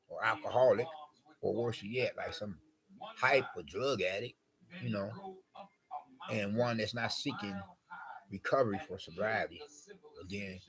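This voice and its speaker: A man's voice: on the low side, rough recording. A man vlogging in a rambling, wordy monologue full of filler phrases.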